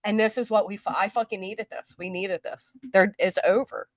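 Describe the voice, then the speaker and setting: A woman's voice: mid-range voice, fairly even intonation, normal speed, no room sound. A woman hosting a casual live stream, talking in a brash, profane, mocking way. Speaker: host.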